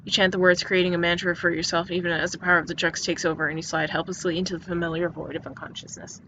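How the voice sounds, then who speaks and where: A woman's voice: on the low side, little pitch movement, fast, noisy background. A woman reading an interactive story game aloud in second person, stumbling and restarting words often. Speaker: narrator. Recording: dull lo-fi recording with faint music.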